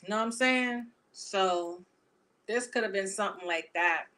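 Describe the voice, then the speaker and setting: A woman reading tarot cards for her viewers in a casual, animated, profane and chatty way. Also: medium pitch, normal speed. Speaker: tarot reader.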